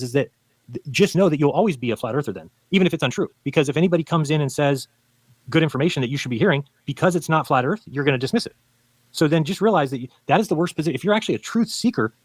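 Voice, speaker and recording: Rapid-fire insistent man debating. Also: fairly high pitch, no room sound. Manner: fast, insistent, lecturing. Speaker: debate guest. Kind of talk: heated debate talk.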